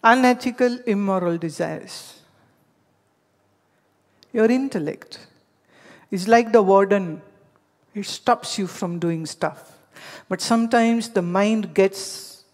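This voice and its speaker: A woman gives a spiritual teaching, weaving in anecdotes and speaking straight to her listeners. She talks slowly and deliberately. A long hall reverb trails each phrase. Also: mid-range voice, darkish tone. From India. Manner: storytelling, addressing listeners directly.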